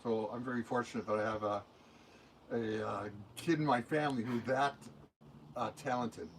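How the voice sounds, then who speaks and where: A man's voice: mid-range voice, normal speed, low-quality recording. An older man, a musician being interviewed in a recording studio, answering in a loose, rambling, anecdotal way. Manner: rambling, anecdotal, talks with his hands through examples. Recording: steady background noise.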